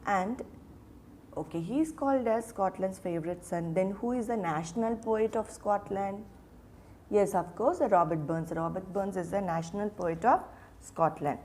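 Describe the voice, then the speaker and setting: A woman teaches a literature lesson slowly, asking questions and answering them herself, often repeating names and restarting phrases as she explains. Her voice is mid-range and a little mellow, with a little hiss or hum in the recording.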